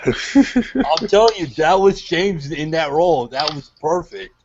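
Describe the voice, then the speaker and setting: A man's voice: on the high side, expressive, takes it slowly. A man teasing his friend insistently during a casual chat. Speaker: co-host friend. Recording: muffled lo-fi audio with faint noise.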